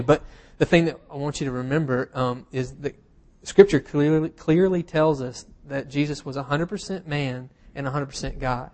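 A man preaching a sermon in a relaxed, conversational way, with wry humorous asides and plenty of fillers. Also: fairly high pitch, moderate pace, few pauses. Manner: casual and self-deprecating, with humorous asides and frequent fillers.

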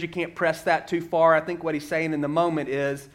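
Conversational preacher with a higher voice. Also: male voice, little pitch movement, fairly quick, hardly any pauses. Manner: conversational, asks many rhetorical questions. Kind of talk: sermon.

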